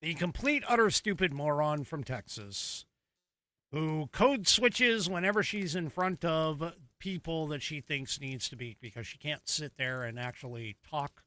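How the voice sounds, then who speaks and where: A man's voice: a little high, expressive, a little slow, bright, forceful tone, no room sound. An American man hosting a solo political commentary podcast, combative and mocking, with emphatic rising delivery. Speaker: podcast host.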